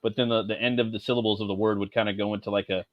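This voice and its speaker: A man's voice: fairly low pitch, flat delivery, dry recording, lo-fi sound. A man co-hosting a casual film podcast, talking casually with many fillers. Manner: quick, casual, filler-heavy. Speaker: podcast co-host.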